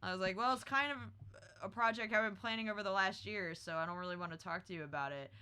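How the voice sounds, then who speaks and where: A woman's voice: mid-range voice, fast talker, sharp tone, clean tone. A woman hosting a podcast, telling a story in casual chat with a brash, profane, dramatic manner. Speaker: podcast host.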